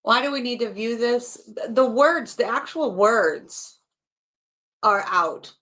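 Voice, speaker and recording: A woman's voice: a little high, slow, fairly bright tone. A woman chatting casually as she comments live, wry and thinking aloud with asides.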